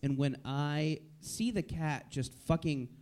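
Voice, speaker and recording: A man in casual comedic chat, wry and self-deprecating, often halting and restarting. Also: fairly high pitch, a little mellow. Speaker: podcast panelist.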